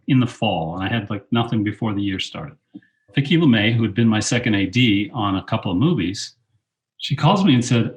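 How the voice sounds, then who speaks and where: An older man telling film-set stories in an interview, acting out his own past lines in a raised voice. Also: on the low side. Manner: animated anecdotes, quotes himself in a raised voice. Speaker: guest, film director and teacher. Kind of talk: storytelling interview.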